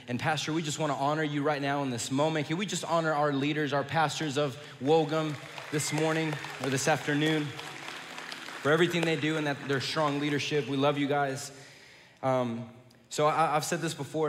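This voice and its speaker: A man's voice: fairly high pitch, slight background noise. A man with a Southern American accent preaching a sermon as pastor, often repeating words as he restarts his sentences. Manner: repeats words and restarts, warm church greetings. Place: large church sanctuary. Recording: long hall reverb.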